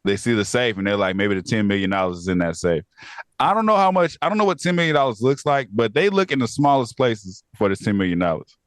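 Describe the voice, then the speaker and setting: A man's voice: lowish voice, big pitch swings, fast talker, no room sound, clean studio sound. A man co-hosting a casual review podcast, retelling plot with quoted lines and frequent laughs. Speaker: podcast co-host.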